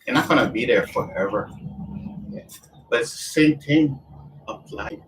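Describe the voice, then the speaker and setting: A man's voice: mid-range voice, expressive, moderate pace, a bit bright. A man teaching a tai chi lesson, talking in loose, broken phrases as he demonstrates the moves. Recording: distant mic with faint background noise.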